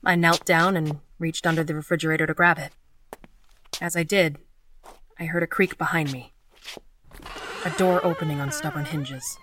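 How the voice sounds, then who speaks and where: A woman reading a first-person horror story as scripted narration, measured and tense. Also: low voice, fairly even intonation, fairly bright tone, distant mic, a little hiss or hum.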